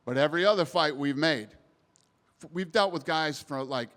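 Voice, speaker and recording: A man's voice: fairly high pitch, moderate pace, a bit bright. Blunt guy answering reporters, swears a bit, echoey hall sound. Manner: blunt, emphatic, swears casually. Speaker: promotion CEO at media scrum. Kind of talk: press scrum answers. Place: post-event press area. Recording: long hall reverb.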